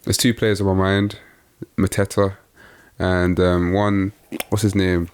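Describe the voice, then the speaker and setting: A man's voice: low-pitched, flat delivery, measured pace, darkish tone, clear, resonant tone. A young man co-hosting a football podcast, blunt and teasing, swearing freely in casual chat. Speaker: podcast co-host.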